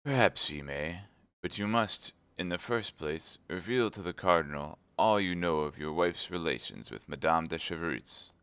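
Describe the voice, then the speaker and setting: A cold, calculating cardinal, as a man reading aloud plays him, questions in a deep, unhurried tone. He stays measured and commanding. The sound is dry and close. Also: expressive, a bit bright, clear, resonant tone, no echo. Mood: probing. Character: cold, shrewd older male cardinal, commanding.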